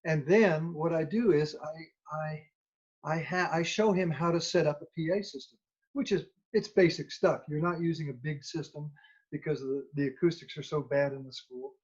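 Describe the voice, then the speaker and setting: A man telling an animated anecdote as a children's musician, acting out the dialogue as he goes. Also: a little high, normal speed, breathy edge. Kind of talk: storytelling anecdote. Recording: dull lo-fi recording.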